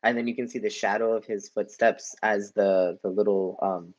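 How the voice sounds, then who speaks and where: A man's voice: lowish voice, fairly even intonation, moderate pace, a little mellow. A man guesting on a podcast, chatting casually and wryly about a movie. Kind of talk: casual movie-review chat. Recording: dull lo-fi sound.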